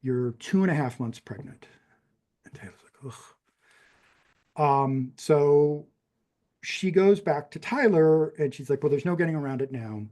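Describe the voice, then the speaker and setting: A man's voice: a little high, lively intonation, moderate pace, a little mellow. Man, 50s, general American accent, podcast guest, conversational storytelling, frequent fillers. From New Mexico, USA. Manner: rambling, many fillers and restarts.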